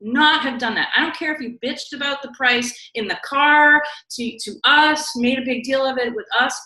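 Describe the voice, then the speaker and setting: A woman co-hosting a casual talk show, telling a story in a lively, quick way with lots of "like" and "you know". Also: high voice. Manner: animated, quick storytelling with many likes and you knows. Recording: echoey room.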